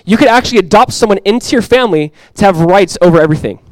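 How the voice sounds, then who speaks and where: A young adult man preaching a sermon as pastor, earnest and repeating key phrases, often dropping to a soft, intimate tone. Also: high-pitched, expressive, racing, dry recording, rough recording.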